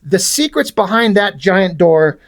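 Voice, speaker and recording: A man's voice: high-pitched, sing-song, unhurried. A proud female warrior angel pushes her point in an earnest, insistent way, voiced by a man reading a comic aloud. The delivery stays close to a plain speaking voice, with no real attempt at a different voice.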